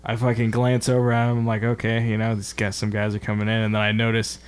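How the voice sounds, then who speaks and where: A man's voice: on the low side, completely flat delivery, quick pace, clean tone. A man co-hosting a casual podcast, telling a story with plenty of swearing and laughter. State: drinking beer. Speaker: podcast co-host. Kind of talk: casual chat.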